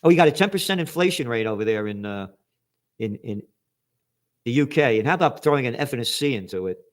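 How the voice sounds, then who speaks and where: A man's voice: mid-range voice, lively intonation, fast talker. A man giving an angry, sarcastic news commentary, reading headlines aloud and mocking them with profanity. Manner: reads headlines aloud then mocks them.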